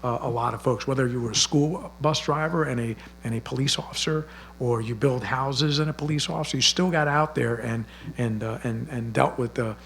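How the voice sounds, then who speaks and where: A man, a county sheriff, speaking haltingly with many restarts at a public library panel. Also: mid-range voice, a little hiss or hum. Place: library community event.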